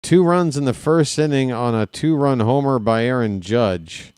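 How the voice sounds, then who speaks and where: A man calling a baseball game live in a casual play-by-play style, chatty and candid, drifting into personal asides between the pitches. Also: moderate pace, darkish tone, smooth, no echo, studio quality. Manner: candid and self-deprecating. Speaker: play-by-play announcer.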